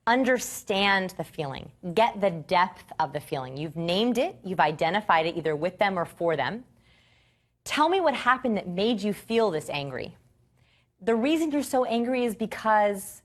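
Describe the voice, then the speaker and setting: A woman presenter teaching a live seminar from a stage, instructive and repeating key phrases. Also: fairly low pitch. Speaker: workshop presenter. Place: stage before an audience.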